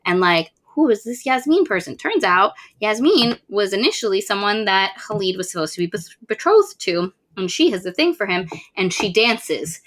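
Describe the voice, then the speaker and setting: A woman's voice: medium pitch, lively intonation, normal speed, few pauses, fairly bright tone. A woman co-hosting a book podcast, recapping the plot casually and acting out the characters' lines. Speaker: podcast co-host.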